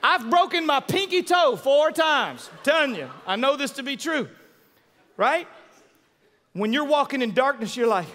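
A man in his thirties preaching a sermon as pastor, animated and given to call-and-response with the congregation. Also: very high-pitched, normal speed. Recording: long hall reverb.

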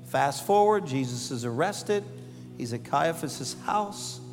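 An animated pastor preaching a sermon, his voice pitched high for a man. He tells stories with lively energy and slips into the voices of the people he quotes. The sound rings with a long hall reverb, with soft music playing underneath. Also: slow pace.

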